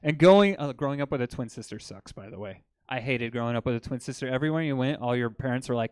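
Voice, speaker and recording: A man doing a stand-up comedy set in a comedy club, telling crude jokes with deadpan delivery and bantering with the crowd. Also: mid-range voice, fast talker, few pauses, smooth, no room sound.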